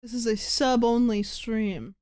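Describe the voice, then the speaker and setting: A woman's voice: a little high, fairly even intonation, a little slow, a little mellow, no room sound, clean studio sound. A woman streamer chatting casually and playfully, giggling and swearing as she talks. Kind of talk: casual livestream chat.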